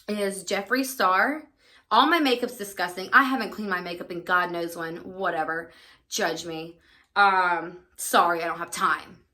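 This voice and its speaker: Bright-voiced chatty woman vlogger. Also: mid-range voice. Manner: chatty, candid, many fillers. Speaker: beauty vlogger. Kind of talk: casual get-ready-with-me chat.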